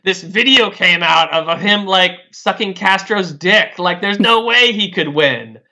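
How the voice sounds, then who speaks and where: Bright-voiced man rambling about politics. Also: high-pitched, lively intonation, measured pace. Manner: rambling, filler-heavy, restarts often. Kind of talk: casual political chat.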